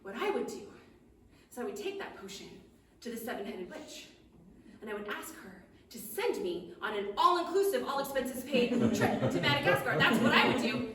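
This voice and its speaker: A woman's voice: on the high side, very animated, moderate pace, a crowd in the background. A woman playing a flustered, earnest good witch. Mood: scheming. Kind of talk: improvised stage storytelling. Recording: echoey hall, mic far off.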